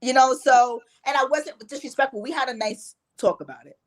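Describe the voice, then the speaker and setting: A woman's voice: high voice, a little fast. A young adult woman from New York, a guest life coach telling her story in a casual chat with lots of "you know" and "like".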